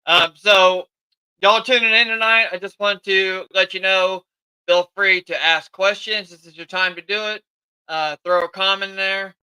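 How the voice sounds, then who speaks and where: Bright-voiced man hosting a podcast. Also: high voice, steady tone, normal speed, clear, resonant tone, no room sound, poor audio. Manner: chatty and eager, self-admittedly tired. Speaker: podcast host. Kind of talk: casual live podcast chat.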